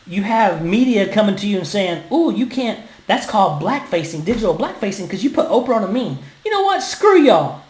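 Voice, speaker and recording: A vlogger with a drawl rants to camera, fired up and emphatic, swinging from loud outbursts to hushed asides. The voice sits at a middling pitch. It bounces around an echoey room. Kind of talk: impassioned opinion rant.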